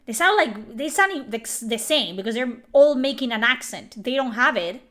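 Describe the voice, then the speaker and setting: A Spanish-speaking woman from the Canary Islands with a Canary Islands Spanish accent, giving animated, opinionated commentary while streaming a video game. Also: on the high side, normal speed.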